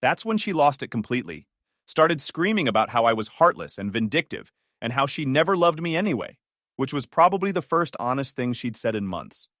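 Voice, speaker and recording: A man's voice: mid-range voice, very animated, brisk, a bit bright, dry recording. A young man narrating his own story in a dry, sardonic tone. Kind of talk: scripted first-person story narration.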